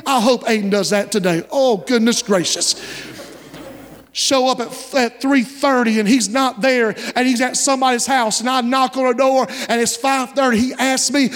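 A man's voice: very high voice, fairly even intonation, moderate pace, fairly bright tone, big-room sound. A man in his thirties, a pastor preaching a sermon in a folksy storytelling manner and often checking in with his listeners. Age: 30s.

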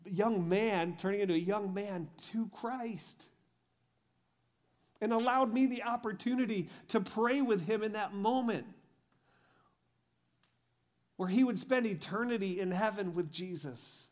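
Pastor, male, from Michigan, sermon delivery, slightly high voice, animated storyteller. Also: a little slow. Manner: storytelling, acts out dialogue, builds to emphatic peaks then quiet intensity.

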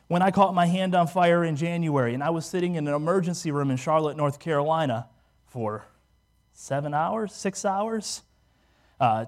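High-voiced, animated male preacher. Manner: animated, acts out quoted voices. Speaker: pastor. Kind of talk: sermon.

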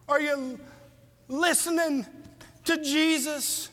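A man's voice: extremely high pitch, measured pace, bright, forceful tone. A male pastor preaching a sermon in a church, earnestly asking his listeners questions in a plain-spoken way. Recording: long reverb of a hall.

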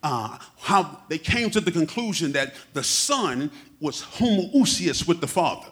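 A man preaching a sermon, humorous and animated, acting out quotes as he teaches. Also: a little high, measured pace.

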